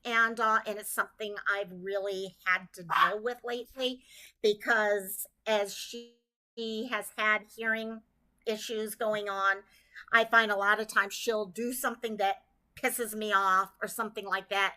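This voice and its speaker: A woman's voice: mid-range voice, fairly even intonation, measured pace, pushed and bright. A woman hosting a casual livestream, talking to her community in a chatty way and stopping to greet viewers by name. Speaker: livestream host.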